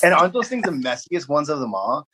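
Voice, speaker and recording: A man in his thirties chatting casually about his young kids, laid-back and quick to laugh. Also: a little high, big pitch swings, fairly bright tone, slight background noise. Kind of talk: casual chat.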